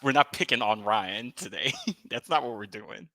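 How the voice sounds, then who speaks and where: Bright, lively man. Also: lowish voice, normal speed, no room sound. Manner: playful, laughs often. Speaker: co-host. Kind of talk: casual live chat. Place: remote live stream.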